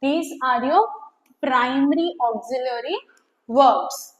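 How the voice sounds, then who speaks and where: A high-pitched woman teaching English grammar at an unhurried pace, pausing often with fillers as she explains. Her voice rings in an echoey room with a long reverb tail. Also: a little hiss or hum. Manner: slow, explanatory, with many fillers and pauses. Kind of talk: classroom grammar lesson.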